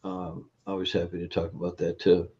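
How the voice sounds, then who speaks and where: A functional nutrition educator, a man with a low, monotone, slightly mellow and slightly rough voice, is the guest in a casual video interview. He tells stories with halting speech and many fillers, acting out the quoted voices. The recording sounds dull and lo-fi.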